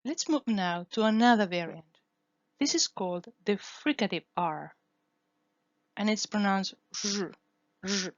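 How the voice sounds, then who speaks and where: A woman's voice: mid-range voice, no echo, lo-fi sound. A woman whose first language is Spanish, teaching English phonetics in a careful lesson, repeating each sound to demonstrate it. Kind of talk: scripted lesson.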